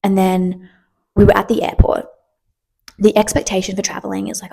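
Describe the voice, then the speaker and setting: Husky young woman telling stories. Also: mid-range voice, flat delivery, moderate pace, warm tone. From Australia. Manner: chatty, filler-heavy, acts out quoted exchanges. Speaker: podcast host. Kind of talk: casual storytelling.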